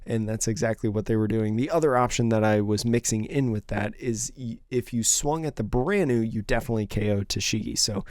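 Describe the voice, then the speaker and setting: Young guy doing card game play-by-play, thinking out loud, voice a bit worn, dry close mic. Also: fairly low pitch, a little fast, hardly any pauses, no echo. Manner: thinks aloud, weighing options, casual and analytical. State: slightly losing his voice. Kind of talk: solo play-by-play commentary over a stream.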